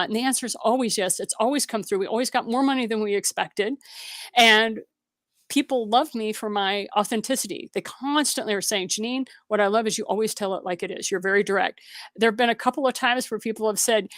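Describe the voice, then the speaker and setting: A woman's voice: mid-range voice, fast talker, a bit bright, no echo, studio quality. Direct, storytelling woman from Missouri. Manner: direct, storytelling, acts out quoted dialogue. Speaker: guest entrepreneur. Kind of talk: interview conversation.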